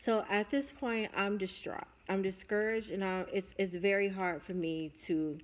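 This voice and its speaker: A young adult woman telling a personal story, candid and reflective, pausing and restarting as she goes. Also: mid-range voice, fairly even intonation, rough recording. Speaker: vlogger.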